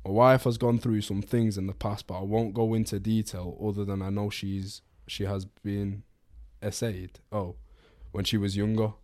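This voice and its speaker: A young man, a podcast co-host, reading a post aloud in a steady, plain voice. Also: on the low side, moderate pace, hardly any pauses, dry recording, clean studio sound.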